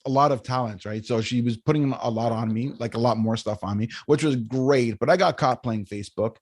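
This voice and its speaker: A man, a podcast guest telling stories in a casual interview, animated, often checking in with "right?". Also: medium pitch, a little fast. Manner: animated storyteller, keeps asking "right?". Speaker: podcast guest, business coach.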